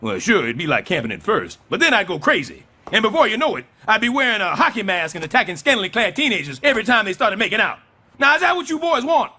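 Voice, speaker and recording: The actor's male voice sits high, fast and exaggerated as he plays a scheming middle-aged building superintendent in an animated sitcom. The character comes across as sarcastic and overdramatic.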